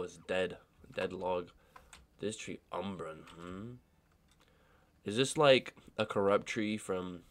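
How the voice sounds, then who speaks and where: A man's voice: low voice, vocal fry, a bit bright. Nasal young man's gameplay chatter. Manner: talks to himself, joking asides and silly voices. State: just woke up. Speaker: gaming video creator. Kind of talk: casual gameplay commentary.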